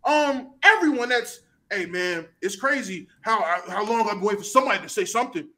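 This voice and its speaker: Lively bright-voiced man ranting. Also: high voice, a little fast. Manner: animated, profane, swings from loud to mumbled. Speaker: streamer host. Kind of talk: casual rant.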